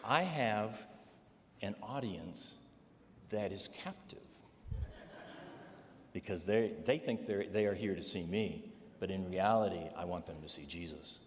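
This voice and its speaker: Lower-voiced man preaching in a reverberant church. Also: unhurried, long pauses. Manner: storytelling with frequent "all right?" asides. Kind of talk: sermon testimony. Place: church sanctuary. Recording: long hall reverb, faint noise.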